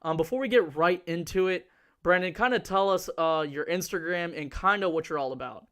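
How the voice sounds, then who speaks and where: A man's voice: sits high, a little fast, a bit bright, clear, resonant tone. A man hosting a casual podcast, talking loosely with lots of fillers while he runs his own stream. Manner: talkative, loose, many fillers. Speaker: podcast host. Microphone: streaming setup.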